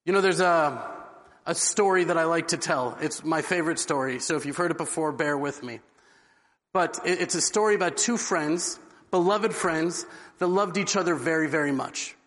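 Earnest high-voiced man preaching. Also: moderate pace, fairly bright tone. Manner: earnest storyteller. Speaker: religious speaker. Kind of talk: inspirational religious talk. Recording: long hall reverb.

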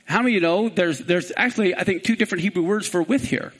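A male preacher delivering a sermon, animated and full of rhetorical questions to the congregation. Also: high voice, fast talker, husky.

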